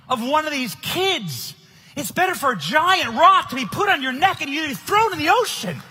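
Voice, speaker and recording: Give me a young male conference speaker with a loud, emphatic delivery and a sharp, bright voice. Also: extremely high pitch, slightly rough. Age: young adult. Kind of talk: political rally speech. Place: conference stage.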